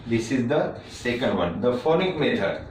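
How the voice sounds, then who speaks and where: A man teaching a classroom lecture on reading methods, talking slowly and repeating himself, with many fillers and restarts. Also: medium pitch, very animated, recorded from a distance, noisy background. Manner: slow and repetitive, with frequent fillers and restarts. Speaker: teacher educator. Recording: echoey room, speaker away from the mic.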